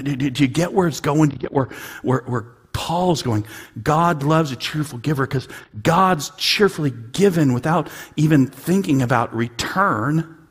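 A pastor with a husky, mid-range voice preaches, moving from hushed, near-whispered lines to loud, emphatic peaks. To drive his points home, he keeps repeating and restarting words.

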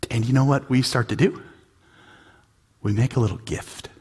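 A man preaching a sermon as a pastor, dropping to near-whispers and then rising to loud, emphatic peaks, often repeating words. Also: medium pitch, normal speed, breathy edge.

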